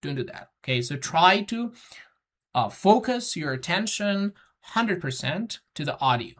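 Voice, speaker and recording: Teacher, middle pitch, patient and repetitive, explains step by step with frequent fillers. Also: very animated, a little slow, fairly bright tone. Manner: instructive, gives spoken examples. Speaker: English test-prep teacher. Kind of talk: explaining lesson to students.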